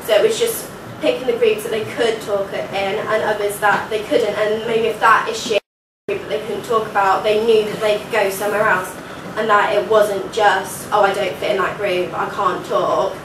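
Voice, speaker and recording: A woman's voice: medium pitch, flat delivery, normal speed, noisy background. Nasal young woman presenting in a hall. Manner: earnest, informal fillers like "like" and "so". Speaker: student presenter. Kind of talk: academic conference presentation. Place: university lecture hall. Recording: echoey hall recording from far off.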